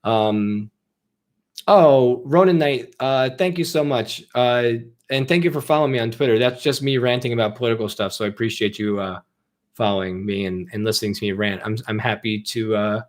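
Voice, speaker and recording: A man in a band casually answering viewer questions in a relaxed, joking chat. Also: medium pitch, moderate pace.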